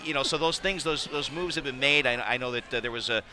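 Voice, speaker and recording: A man's voice: medium pitch, fast, pushed and bright, slight background noise. A man hosting a local sports show in a restaurant, asking coaches questions with frequent restarts. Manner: stammering restarts, friendly questions. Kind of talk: casual interview hosting.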